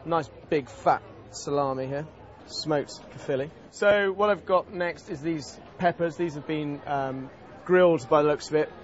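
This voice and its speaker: A man's voice: a little high, a little slow, hardly any pauses, lo-fi sound, slight background noise. A man demonstrating a cooking dish as a TV chef, talking in a casual, chatty and enthusiastic way at an outdoor food festival.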